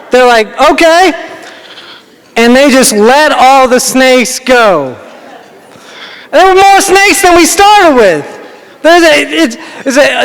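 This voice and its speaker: A man's voice: very high-pitched, a bit bright, clean tone. A man from the United States doing a stand-up comedy set, rambling and self-deprecating, often laughing at his own jokes. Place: large banquet hall. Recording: reverberant hall.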